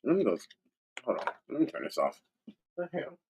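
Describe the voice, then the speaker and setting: Gravelly-voiced man rambling on a livestream. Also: medium pitch, huge pitch swings, brisk, a little mellow, slight background noise. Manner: loose, rambling, profane. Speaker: livestream host. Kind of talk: casual monologue to viewers.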